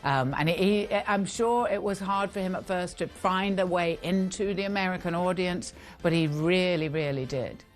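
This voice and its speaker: A woman's voice: on the low side, normal speed, few pauses, music in the background. A woman giving thoughtful, amused commentary in a documentary interview.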